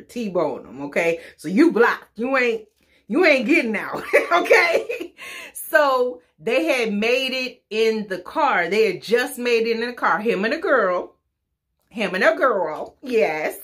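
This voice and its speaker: Young woman, chatty storytime, laughs a lot, takes her time. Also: medium pitch. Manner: animated, laughs often, uses sound effects. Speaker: YouTube storyteller. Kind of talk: casual storytime.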